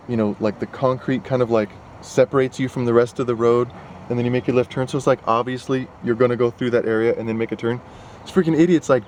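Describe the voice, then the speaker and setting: A man's voice: mid-range voice, darkish tone, slight background noise. Rambling worked-up young man vlogging. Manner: rambling and worked up, full of fillers. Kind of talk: casual chat. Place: partly in a car.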